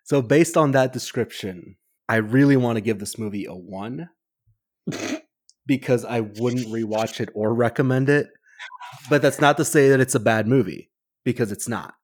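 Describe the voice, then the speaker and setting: A man's voice: mid-range voice, moderate pace, no room sound, clean studio sound. A man co-hosting a movie podcast, laying out a rating system and his verdict in a plain, matter-of-fact way. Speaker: podcast co-host. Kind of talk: casual chat.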